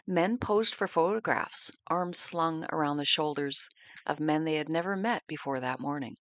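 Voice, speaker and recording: A woman narrating a history podcast in a measured, reflective storytelling manner. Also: low voice, vocal fry, a bit bright, dry recording.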